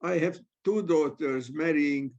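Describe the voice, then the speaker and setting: Man, middle-aged, gravelly, halting interjections, muffled recording. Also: a little high, a little mellow. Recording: dull lo-fi sound.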